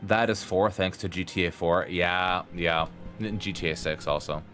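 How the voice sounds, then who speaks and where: Deep-voiced man streaming a game. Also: normal speed, fairly bright tone, soft background music. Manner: chatty, rambling, fond of puns. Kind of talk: live-stream gameplay commentary.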